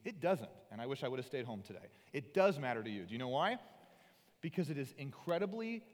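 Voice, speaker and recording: Male pastor preaching in a reverberant hall. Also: medium pitch. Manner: earnest, shifts between loud emphasis and soft intimate tones. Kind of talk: sermon. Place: church sanctuary.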